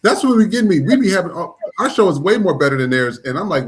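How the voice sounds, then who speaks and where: Animated man co-hosting a podcast. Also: high voice, fast talker, few pauses, husky. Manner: animated, profane. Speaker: podcast co-host. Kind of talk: casual podcast chat.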